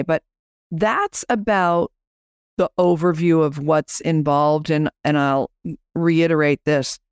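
A woman's voice: low-pitched, a little mellow, smooth, no echo, clean studio sound. A woman podcast host and business coach, chatting as she explains her program and guides listeners through an exercise.

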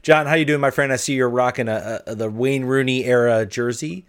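An excitable man co-hosts a sports podcast, chatting loosely and tripping over his own restarts. His voice sits at an ordinary middle pitch and comes through a phone on a video call. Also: brisk, clear, resonant tone. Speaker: podcast co-host. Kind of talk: casual chat.

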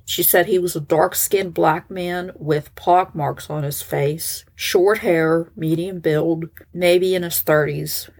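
A woman's voice: sits low, a little mellow. A woman casually recounting a true crime case as a podcast host, chatty and conversational. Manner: conversational, lots of "like" and "so he goes". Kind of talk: casual storytelling narration.

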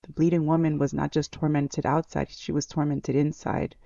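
A man's voice: a little high, level tone, normal speed, gravelly, dark tone, dry recording. A man hosting a devotional podcast, reflecting on a Bible passage in an earnest way, repeating key phrases with many fillers and restarts. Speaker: podcast host. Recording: dull, lo-fi, dry sound.

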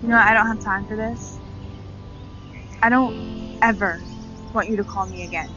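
Estranged daughter, dismissive and resentful, played by an actress; film audio, muffled, with a score behind. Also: female voice, medium pitch, fairly even intonation, moderate pace, lightly acted. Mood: angry. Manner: curt, bitter, dismissive. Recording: dull film audio under music.

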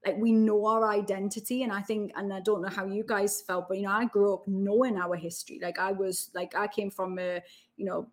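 A woman in her thirties with a Geordie accent, chatting as a podcast guest in a lively, storytelling way full of fillers. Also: mid-range voice. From Newcastle, England. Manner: chatty, animated storytelling with lots of "like". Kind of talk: casual chat.

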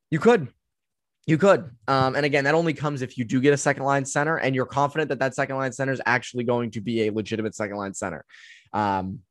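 A man's voice: mid-range voice, no echo, clean studio sound. A man in his twenties hosting a sports podcast, chatting through team analysis in a loose, thinking-aloud way with plenty of filler words. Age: 20s. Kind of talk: casual hockey analysis chat.

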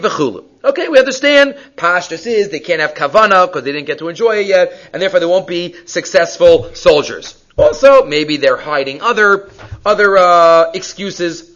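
A man giving a weekly Torah portion class, telling stories and asking rhetorical questions, with Hebrew and Yiddish terms mixed into his English. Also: high voice. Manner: animated storytelling, rhetorical questions. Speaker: Torah teacher. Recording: dull lo-fi recording.

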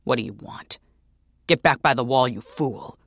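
A man's voice: mid-range voice, normal speed, gravelly, a bit bright, dry recording. A man voicing a furtive, lecherous older man who hisses in a half-whisper, in a whispered role-play. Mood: angry.

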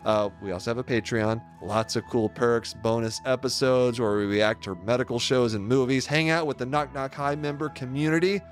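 A man's voice: mid-range voice, fairly even intonation, normal speed, hardly any pauses, faint music behind. A man in his thirties co-hosting a podcast, reading the outro in a joking, casual way with many restarts. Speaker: podcast co-host.

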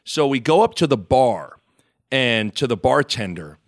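A man's voice: mid-range voice, sing-song, unhurried, no room sound, clean studio sound. A man hosting a podcast, telling stories in casual chat and acting out quotes. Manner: storytelling, laughs often, acts out quotes. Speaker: podcast host.

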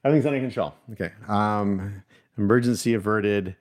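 A man's voice: lowish voice, fairly quick. A man hosting a solo podcast, chatting casually, mocking his own mistakes, laughing often, and thinking aloud with plenty of ums and uhs. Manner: thinks aloud with many fillers. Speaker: podcast host.

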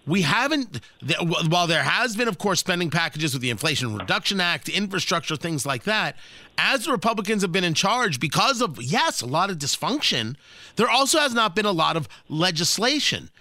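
A man's voice: high-pitched, big pitch swings, brisk, bright, forceful tone, no room sound. A man hosting a talk radio show, interviewing a guest with probing questions and wry asides.

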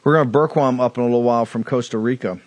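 A man's voice: mid-range voice, very fast, no echo. A man hosting a political talk show, delivering a combative, mocking monologue with lots of repetition.

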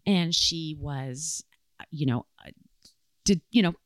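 A woman's voice: deep voice, slow pace, no room sound. A woman co-hosting a podcast in casual, jokey chat, swearing freely. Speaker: podcast co-host.

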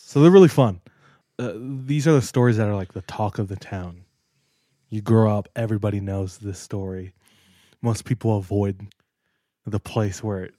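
A man chatting on a podcast in a relaxed, joking way, with a voice that sits a bit low. The sound is close and dry, with no echo. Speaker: podcast co-host. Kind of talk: casual chat.

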